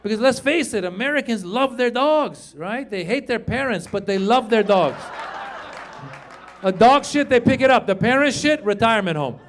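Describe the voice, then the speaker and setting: Animated comedian shouting his punchlines. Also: very high voice, moderate pace, a faint crowd, slight background noise. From Iran. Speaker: stand-up comedian. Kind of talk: stand-up comedy set. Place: comedy club stage with live audience.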